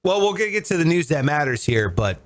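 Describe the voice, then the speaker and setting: Podcast co-host, male, from Ohio, slightly high voice, lively swearing rants. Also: a little fast. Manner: ranting, profane, animated. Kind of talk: casual chat.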